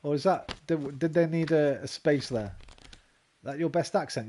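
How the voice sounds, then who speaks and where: A man doing casual game commentary, joking his way through on-screen text. His husky voice swings up and down a lot. He trips over long words as he reads them aloud. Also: on the high side, lively intonation, normal speed, a little mellow. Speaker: game streamer.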